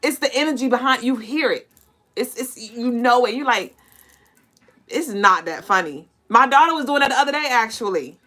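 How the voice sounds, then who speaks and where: A spiritual reader and podcast host leads a casual collective intuitive reading, speaking bluntly and animatedly, cursing freely and laughing a lot. She addresses her listeners directly as "y'all" and "collective." Her voice is slightly high, fairly quick, and fairly bright.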